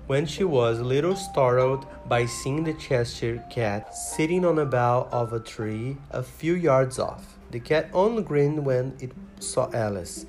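A man narrating a storybook in a measured, even way. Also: medium pitch. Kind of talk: storybook reading. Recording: reading over guitar music. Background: guitar music.

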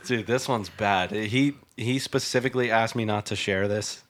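A young man, a little low in pitch, tells stories in an easy, rambling way. He drops "dude" and "bro" into almost every sentence. He laughs as he talks and keeps a casual podcast-host tone. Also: normal speed, a bit bright. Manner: laid-back, peppers talk with "dude" and "bro", laughs often. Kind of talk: casual storytelling chat.

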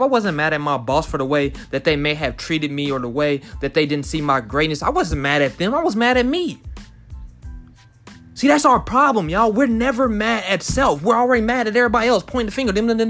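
A man's voice: high-pitched, a bit bright. A man hosting a motivational podcast, talking straight to his listeners with fervent, repetitive urging. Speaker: podcast host.

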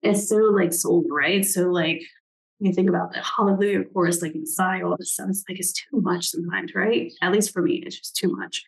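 A woman's voice: on the low side, steady tone, brisk, vocal fry, low-quality recording. A woman giving a casual, reflective talk, thinking aloud as she reads passages from a book, with many "like"s and "right?"s.

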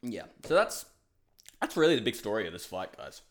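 A man's voice: lowish voice, fairly quick, noisy background. A man giving a casual, profane fight recap monologue, ranting and calling his viewers "guys.". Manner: animated, shouts reenacted outbursts. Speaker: MMA commentary host.

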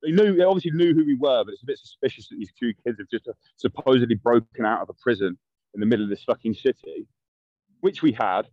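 A young man tells rough stories in a loose, blunt way, swearing freely and voicing the people he quotes. His voice sits at an ordinary pitch, and the recording is dry and a little dull. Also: fast, no echo. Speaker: guest. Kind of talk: casual storytelling.

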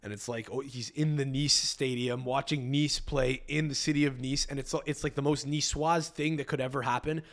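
A man's voice: medium pitch, steady tone, moderate pace, few pauses. A young man hosting a podcast, riffing casually with crude profanity and rambling restarts. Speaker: podcast host.

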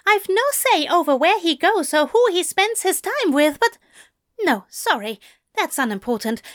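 A woman's voice: very high voice, very animated, moderate pace, a bit bright, dry recording, studio quality, pitched above the performer's own voice, heavily acted. A woman reading a story aloud, voicing a tipsy, fussy male angel who talks in a formal, flustered way. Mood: defensive.

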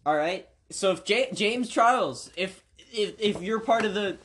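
A man's voice: high-pitched, expressive, unhurried, a bit bright. A man hosting a casual podcast, rambling and joking around with plenty of goofy asides. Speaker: podcast host.

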